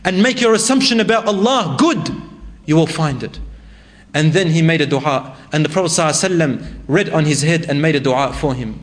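Male preacher, high voice, dramatic storyteller who voices the people in his tale. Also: expressive, a little fast. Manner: emotive, acts out quoted voices with rising intensity. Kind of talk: sermon storytelling.

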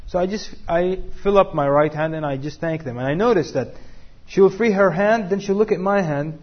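A man's voice: sits high, moderate pace, highs cut off. A man teaching a class, joking and asking the room questions. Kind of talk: interactive class talk with students.

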